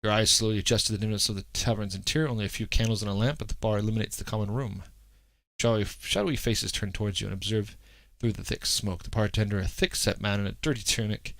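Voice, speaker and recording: A man's voice: lowish voice, steady tone, fast talker, gravelly, a bit bright, dry recording. A man streaming a game, reading its story text aloud and adding casual remarks of his own. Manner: reads narration evenly, then breaks off into chatty asides.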